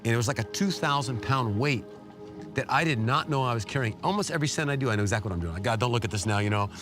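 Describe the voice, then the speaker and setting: A middle-aged man giving an earnest, emotional personal testimony as an interview guest, his pitch jumping up when he is moved. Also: animated, racing, music in the background. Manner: emotional, earnest storytelling with sudden rises in pitch. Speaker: guest telling a war story.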